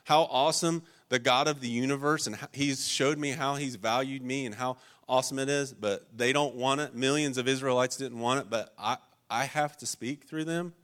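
A man preaching a sermon, telling stories with dramatic swings between loud, urgent lines and hushed, low passages. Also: steady tone, brisk, few pauses.

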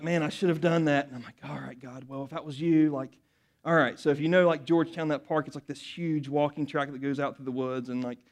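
A middle-aged preacher tells stories in a sermon, his voice sitting slightly high for a man. He talks in loose, rambling runs with frequent restarts and swells into loud, excited passages.

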